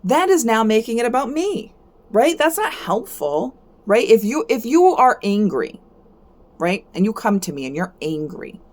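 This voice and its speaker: A woman hosting a card-reading stream, giving a casual motivational talk. She keeps asking "right?", repeats herself, and her voice jumps up high when she gets animated. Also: moderate pace.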